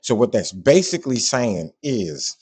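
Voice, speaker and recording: A man's voice: medium pitch, big pitch swings, unhurried, darkish tone, slightly rough. A man hosting a podcast and talking through a reaction in a casual way, blunt and frank, sometimes swearing, and repeating himself when he is puzzled. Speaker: podcast host.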